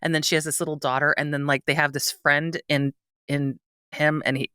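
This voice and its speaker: A woman co-hosting a podcast in casual chat, enthusiastic and quick to laugh. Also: deep voice, flat delivery, bright, forceful tone, clean tone, dry recording, clean studio sound. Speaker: podcast co-host.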